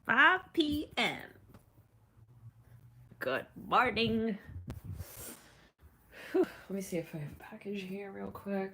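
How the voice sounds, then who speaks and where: A woman's voice: medium pitch, big pitch swings, takes it slowly, long pauses, sharp tone, slight background noise. A young woman hosting a casual livestream, rambling, laughing often and singing bits of songs. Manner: giggly, rambling, sings snatches of songs. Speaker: livestream host.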